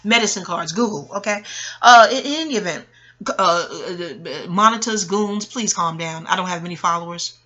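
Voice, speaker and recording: A woman's voice: fairly low pitch, normal speed. Rambling, profane woman from Queens. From Queens, New York. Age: 40s. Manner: digressive, profane, laughs loudly. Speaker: channel host. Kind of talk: rambling audio monologue.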